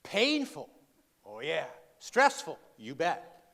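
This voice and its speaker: A man's voice: fairly high pitch, wildly swooping pitch, slow pace, vocal fry, bright, forceful tone. A man telling a humorous personal story to a live audience in a large hall, sarcastic and self-deprecating, quizzing the listeners as he goes. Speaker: humorous speaker. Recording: reverberant hall, faint background ambience.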